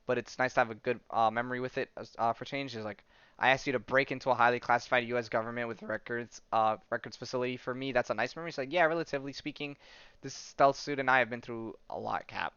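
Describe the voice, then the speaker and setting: A man hosts a casual podcast, walking through a comic book plot and reading the characters' lines aloud between hesitant ums and false starts. His voice is smooth and mid-pitched. The recording is dry and a little dull, like a budget home mic. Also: steady tone, quick pace, pushed and bright, no room sound. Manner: retells scenes by reading out dialogue, many ums and restarts. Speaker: podcast host.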